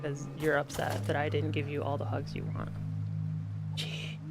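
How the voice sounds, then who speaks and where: A woman's voice: sits low, completely flat delivery, normal speed, creaky. A woman streaming a game from her home office, chatting casually, answering her chat and talking to her cat. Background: background music.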